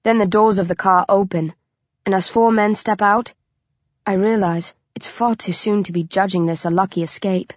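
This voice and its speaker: A woman's voice: mid-range voice, steady tone, normal speed, no echo. A woman reading a first-person thriller audiobook, with tense, vivid storytelling. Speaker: audiobook narrator. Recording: dry, dull lo-fi recording.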